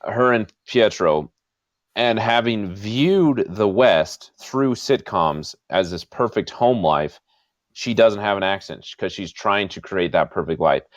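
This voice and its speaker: Deep-voiced man on a dry, muffled line. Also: animated, slow pace, no echo. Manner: eager, gushing, repeats phrases. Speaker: podcast co-host. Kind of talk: casual podcast discussion. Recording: dry, muffled remote audio.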